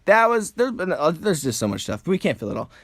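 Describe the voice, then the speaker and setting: A young man co-hosting a podcast in casual chat, excitable and rambling, laughing often. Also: on the high side, a little fast, no room sound, studio quality. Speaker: podcast co-host.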